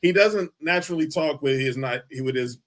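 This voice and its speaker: A man's voice: fairly high pitch, normal speed, fairly bright tone. A man co-hosting a wrestling podcast, talking casually in long rambling runs and laughing easily. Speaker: podcast co-host. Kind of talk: casual chat.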